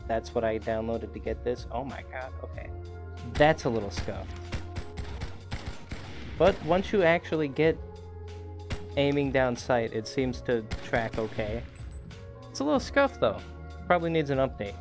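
A man rambles through casual commentary while playing a game. He speaks slowly, his voice sits at an average pitch, and faint music runs underneath. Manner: chatty, rambling, laughs often. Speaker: gaming channel host.

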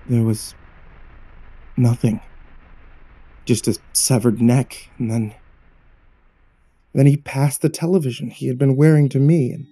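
A man hosting his channel, narrating a first-person horror story with dramatic, tense pauses. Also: mid-range voice, warm tone.

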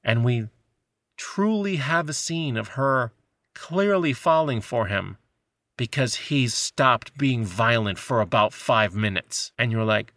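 A man's voice: mid-range voice, expressive, slow, fairly bright tone, no room sound, studio quality. A man co-hosting a movie podcast, talking casually and sarcastically and acting out quotes in mocking voices. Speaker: podcast co-host. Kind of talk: casual movie review chat.

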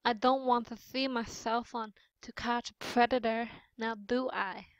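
A woman's voice: a little high, steady tone, unhurried, no echo, lo-fi sound, lightly acted. A woman putting on a haughty, mocking game character man. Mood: haughty teasing. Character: flippant, teasing adult man turning down a date.

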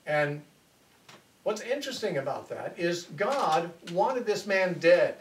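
Heard from a distance in an echoey room with faint noise, a man lectures on the Bible in a high, sing-song voice at a slow pace. He retells a scripture story in a conversational manner, stopping to correct himself as he goes.

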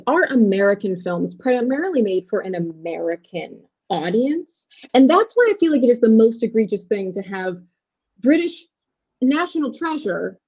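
A woman's voice: on the high side, a little mellow, dull audio. A woman guest arguing emphatically in a casual comedy debate. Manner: emphatic and argumentative.

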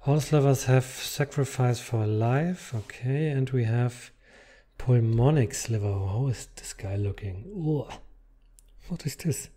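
A man's voice: mid-range voice, warm tone. A man casually commenting while unboxing trading cards, reading card text aloud between muttered asides.

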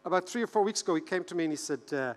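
Irish male keynote speaker, 50s, higher-pitched and joking, in a reverberant hall. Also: rapid-fire. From Ireland. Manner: animated, joking storyteller who repeats words for effect. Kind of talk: conference keynote speech.

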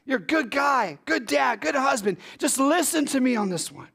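A preacher acting out a caring prophet who pleads gently and earnestly with a friend. The voice is soft and fairly high. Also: male voice, expressive, normal speed, vocal fry, husky, exaggerated voice. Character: caring adult male prophet giving earnest advice.

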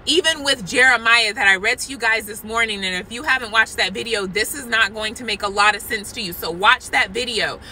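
A woman's voice: a little high, a little fast, hardly any pauses, bright, forceful tone, a little hiss or hum, rough recording. A woman sharing an impassioned prophetic testimony from a church parking lot, earnest and repetitive, speaking straight to her viewers. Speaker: Christian vlogger sharing a prophetic word.

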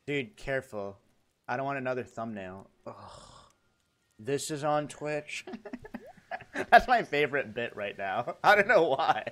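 A young male streamer chatting loosely and jokingly with his viewers, his voice sitting a little high and swinging lively up and down. He drawls his words slowly, taking his time even in the middle of a joke. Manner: jokey, rambling, reacts to chat. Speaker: livestreamer playing a farming game. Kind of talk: casual livestream chat.

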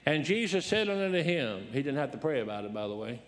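Sing-song and a little fast at medium pitch, this man in his seventies is a guest preacher with a folksy, rambling, humorous storytelling style. He shares personal stories in a sermon, and the church sanctuary sound is reverberant.

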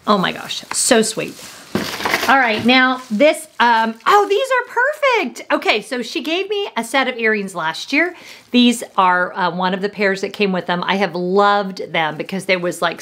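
A woman's voice: fairly high pitch, a bit bright. A middle-aged woman, gushing and emotional as she unboxes gifts and talks to her viewers. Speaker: vlogger. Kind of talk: gift unboxing vlog.

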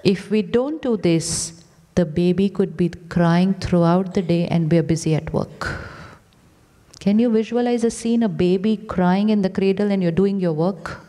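A woman's voice: medium pitch, unhurried, warm tone. A woman spiritual teacher giving an inspirational talk on stage, using short repeated commands and rhetorical questions. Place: large theatre. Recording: long theatre reverb.

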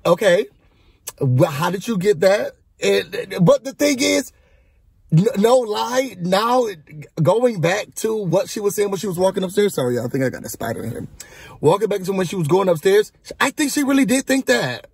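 Sassy high-voiced man recapping gossip. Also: animated, normal speed, gravelly, slightly rough, dry recording. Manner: sassy, chatty, talks straight to viewers. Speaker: reality TV recap host. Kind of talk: casual gossipy show recap.

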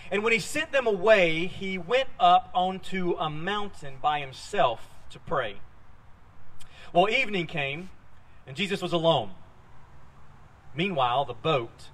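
A man preaching a sermon as a pastor, telling a Bible story with lively, acted-out quoted lines. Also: a little high. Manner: animated storytelling, acting out quoted voices. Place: church sanctuary.

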